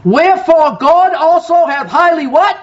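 A man's voice: extremely high pitch, lively intonation, a little slow, very noisy. A man preaching a sermon as pastor, quoting scripture with strong emphasis and calling out to his congregation for responses. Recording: dull lo-fi sound.

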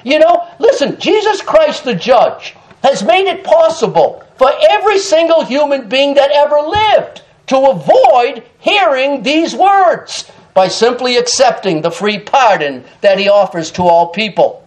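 A pastor preaching an impassioned sermon to his church, shouting at some points and laughing between phrases. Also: very high voice, sing-song, a little slow, hardly any pauses, rough recording.

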